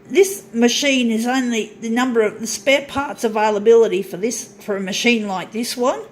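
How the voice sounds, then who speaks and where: A woman's voice: fairly high pitch, fairly even intonation, moderate pace, slight background noise. A woman vlogging from her small home unit, ranting angrily with lots of swearing and stop-start restarts. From southern hemisphere. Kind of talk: casual ranting monologue.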